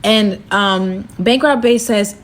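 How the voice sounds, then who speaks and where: A woman telling a dramatic story in a casual storytime style, animated and jumping high in pitch when she quotes herself. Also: slow pace.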